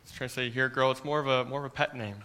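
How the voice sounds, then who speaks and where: A man delivering a sermon with a bright, forward voice. He speaks earnestly, often sinking into a quiet hush, and stumbles over repeated words at the start of his phrases. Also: mid-range voice, steady tone, quick pace, clear, resonant tone. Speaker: pastor.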